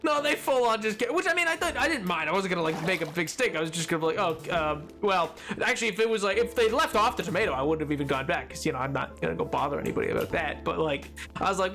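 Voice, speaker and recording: A man's voice: high-pitched, animated, quick pace, creaky, few pauses, fairly bright tone, faint music behind. A man chatting casually while livestreaming a game, rambling from one thought to the next and laughing often. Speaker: streamer.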